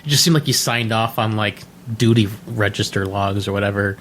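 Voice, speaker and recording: A man's voice: lowish voice, fairly quick, a bit bright, a little hiss or hum. A man co-hosting a casual book-club podcast, throwing in joking, wisecracking asides. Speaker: podcast co-host.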